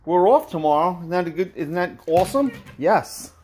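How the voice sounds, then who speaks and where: A man hosting a family vlog at home, talking in an animated, encouraging way and praising his son. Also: fairly high pitch, a little fast, noisy background. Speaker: family vlog host and father. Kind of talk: casual family chat.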